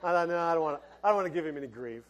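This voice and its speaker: A man's voice: a little high, animated, rapid-fire. A middle-aged male pastor preaching a sermon in a folksy, conversational way, laughing and restarting as he talks.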